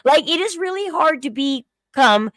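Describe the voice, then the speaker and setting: A woman's voice: sits high, expressive, measured pace, a bit bright, no echo. A middle-aged woman hosting a casual livestream chat, rambling with many fillers and restarts. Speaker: streamer host.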